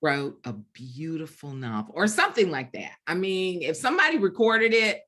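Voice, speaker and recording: A middle-aged woman, an author, telling a story in an animated way at a bookstore event, with lots of fillers and restarts. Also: fairly low pitch, normal speed. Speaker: author guest. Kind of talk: storytelling conversation at a book event.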